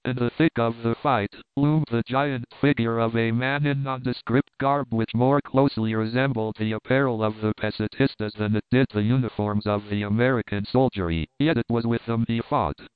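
Smooth-voiced male audiobook narrator. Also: medium pitch, moderate pace, hardly any pauses, dry recording. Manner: steady, even storytelling. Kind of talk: scripted narration. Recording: thin phone-like sound.

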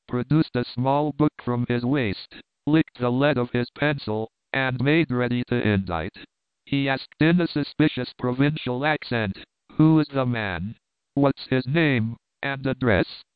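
A man reading a story aloud in a steady, measured narration, lightly voicing the dialogue. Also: medium pitch, clear, resonant tone, dry recording. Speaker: audiobook reader. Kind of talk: scripted narration. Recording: dry, narrow phone-like sound.

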